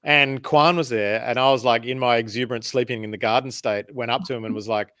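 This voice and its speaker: A man hosting a casual chat, telling self-deprecating stories with animated energy. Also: mid-range voice, quick pace, clear, resonant tone, no room sound, studio quality. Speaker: host.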